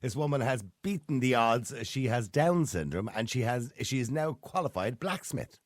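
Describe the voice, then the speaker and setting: A man hosts a radio show in a jokey, teasing way, his pitch swinging up and down as he talks. His voice is dry and close, recorded in a studio. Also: expressive, normal speed, no room sound. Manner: jokey, laughs often, teasing. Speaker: radio host. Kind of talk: casual radio chat.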